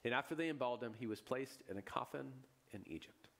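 A man preaches a sermon at a mid-range pitch, telling the scripture story like a lively storyteller. He rises into loud, excited bursts and then sinks into quiet, solemn lines. Casual asides and small chuckles keep it conversational. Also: a little fast, creaky. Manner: chuckles and asides in everyday speech. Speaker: pastor.

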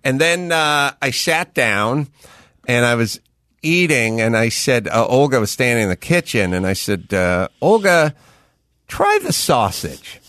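A middle-aged man hosting a podcast, telling a rambling, deadpan, complaining story in casual chat. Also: mid-range voice, unhurried, dry recording. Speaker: podcast host.

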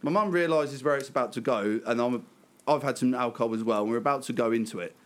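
A man around thirty rattles through a story at a fast clip, swearing freely and breaking into laughs. His pitch sits in an ordinary middle range, and the delivery is loose, chatty and unscripted. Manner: laughing, swearing, lively anecdote telling. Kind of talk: casual storytelling chat.

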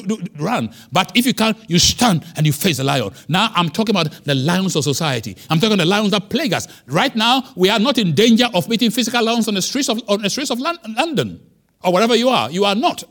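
A man preaching a sermon as pastor, emphatic, with wide swings in pitch and loudness.

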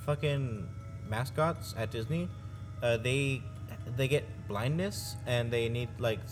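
A man's voice: mid-range voice, slow, music in the background. A man co-hosting a podcast in casual chat, speaking hesitantly with many fillers. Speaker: podcast co-host.

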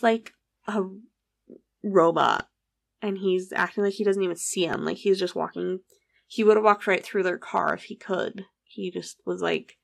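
Woman, gravelly fry in her voice, casual storytelling, acts out dialogue. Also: medium pitch. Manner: animated, acts out quoted dialogue, swears casually. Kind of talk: casual true-crime storytelling.

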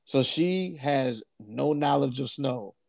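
Gravelly-voiced laid-back podcast host man. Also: medium pitch, animated, slow, no echo. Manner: laid-back, repeats phrases, laughs easily. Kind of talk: casual chat.

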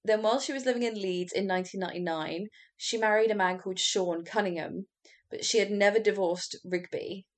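A woman casually recounting a true crime story on a podcast, chatty and quick to laugh, with the odd swear word. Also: mid-range voice.

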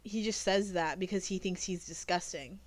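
A woman's voice: lowish voice, normal speed, no echo. A woman co-hosting a podcast, casually retelling a movie plot in a rambling, profane way with lots of fillers. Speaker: podcast co-host. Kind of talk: casual movie review chat.

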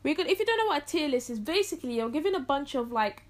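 A woman's voice: high-pitched, racing. A teenage girl from England, hosting a podcast in casual solo chat, joking and acting out quotes. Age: teens. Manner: animated, jokey, acts out quotes. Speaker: podcast host.

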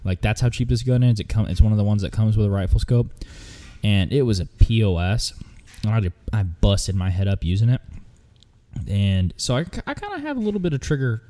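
A man's voice: on the low side, moderate pace, warm tone. A man recounting a hunting trip in casual, rambling storytelling with lots of fillers and restarts.

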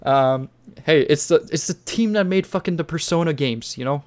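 Podcast co-host, male, fairly high voice, loose and sweary, bursts of excitement. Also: moderate pace. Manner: profane, excitable, laughs often. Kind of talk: casual podcast chat.

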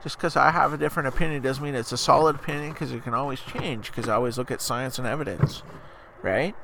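A man's voice: mid-range voice, fast, vocal fry, noisy background. A man co-hosting a casual podcast, talking in a rambling, laid-back way. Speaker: podcast co-host. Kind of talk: casual chat.

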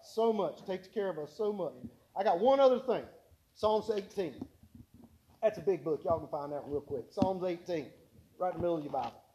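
A man's voice: high voice, fairly quick, dark tone, a little hiss or hum, rough recording. A man preaching a sermon, telling folksy stories and repeating his points for emphasis. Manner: folksy storytelling with emphatic repetition.

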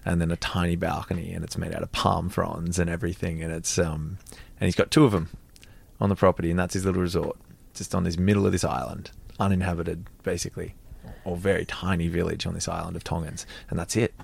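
A young man co-hosting a podcast, telling a travel story in a relaxed way, stumbling and adding details. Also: sits low, fast talker, creaky, husky. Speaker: podcast co-host. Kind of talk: casual storytelling chat.

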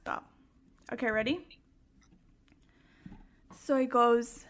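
A woman's voice: sits high, normal speed, fairly bright tone. A tipsy young woman hosting a podcast, chatting crudely and laughing a lot. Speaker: podcast host. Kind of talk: casual chat.

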